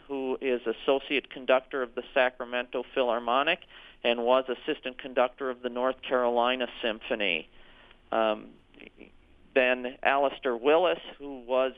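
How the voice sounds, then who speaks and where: An orchestra executive director answering radio interview questions, hesitant, with frequent ums and restarts. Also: male voice, medium pitch, smooth. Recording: tinny phone line.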